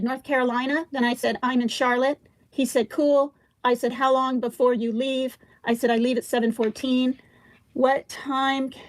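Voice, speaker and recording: A woman's voice: on the high side, dry recording. A woman hosting a casual livestream, reading text messages aloud and stopping often with fillers and asides. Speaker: livestream host.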